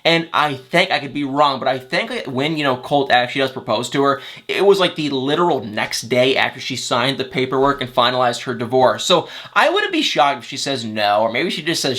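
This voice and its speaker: A man hosts a celebrity gossip vlog in a bright, slightly high voice that rises and falls all the time. He rambles chattily, trips over names, corrects himself and laughs at his own mistakes. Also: very animated, fairly quick, hardly any pauses. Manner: rambling, self-mocking gossip with slips and corrections. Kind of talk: casual chat.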